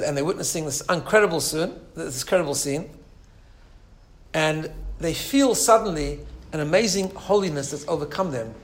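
A man teaching a religious lesson, telling a story with an animated manner and frequent asides. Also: fairly high pitch.

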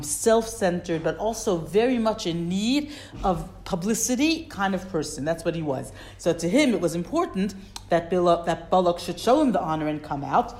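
A woman's voice: on the low side, darkish tone. A woman teaching a Torah study class. She reads Hebrew phrases, translates them and asks questions as she explains.

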